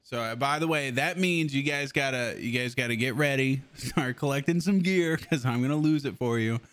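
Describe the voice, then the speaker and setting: A man's voice: medium pitch, moderate pace, fairly bright tone. A man streaming a video game, chatting casually, swearing freely and laughing often. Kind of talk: casual live-stream chat.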